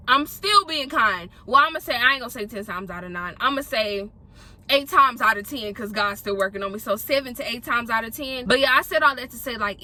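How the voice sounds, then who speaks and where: A young woman from Houston, telling a travel story to her vlog viewers in a casual, animated way and acting out what people said. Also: high voice. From Houston, Texas. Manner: animated, acts out other people's lines in quoted voices. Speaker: vlogger.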